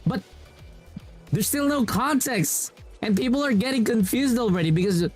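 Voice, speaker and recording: A game streamer rambles casually while playing, acting out what other people said. The voice is mid-range and expressive at a moderate pace, with soft music in the background.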